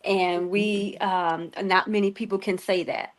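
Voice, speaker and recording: A woman's voice: medium pitch, steady tone, a little slow. A woman guest on a video call podcast, talking thoughtfully and gratefully, with frequent ums. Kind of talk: casual testimony chat.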